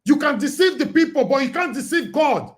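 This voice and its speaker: An older man with a northern Nigerian accent calling in over the phone, speaking quietly and earnestly. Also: very high-pitched, expressive, a little fast. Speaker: caller. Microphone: phone line.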